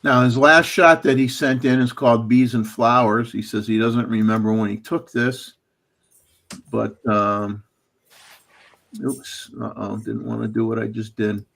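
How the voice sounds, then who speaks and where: A man hosts a photography livestream, chatting casually and reading viewers' photo details aloud, including camera settings. His mid-range voice moves at a measured pace with some vocal fry, and his manner is relaxed and chatty.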